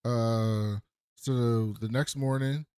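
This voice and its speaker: A man's voice: mid-range voice, fairly even intonation, extremely slow, warm tone, clear, resonant tone, no echo, studio quality. A man co-hosting a podcast, retelling scenes in casual slang with profane asides. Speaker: podcast co-host. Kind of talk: casual recap chat.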